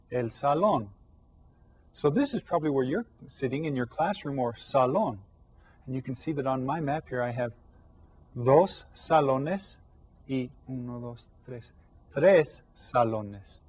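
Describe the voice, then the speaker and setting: A man teaching a recorded Spanish lesson to children, patiently explaining and slowly drawing out each new word. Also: a little high, darkish tone, breathy edge, poor audio. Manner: slow, drawn-out modeling of Spanish words. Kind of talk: televised classroom lesson for children.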